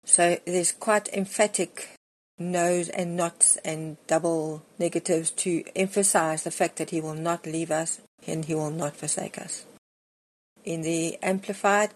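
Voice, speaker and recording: A middle-aged woman preaching a sermon, earnest and emphatic as she reads and explains scripture. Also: fairly low pitch.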